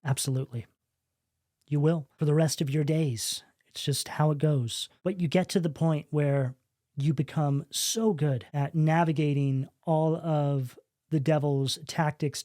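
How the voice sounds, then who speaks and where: A man's voice: fairly high pitch, steady tone, moderate pace, warm tone, dry recording, studio quality. A man giving a tarot reading in a preachy, emphatic way, often asking "right?". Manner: preachy, emphatic, rhetorical questions. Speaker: tarot reader.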